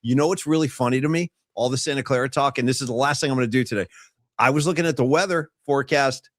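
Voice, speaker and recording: Podcast host man, quick jokey patter, dry close recording. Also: medium pitch, no echo. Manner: fast joking banter. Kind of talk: casual sports chat.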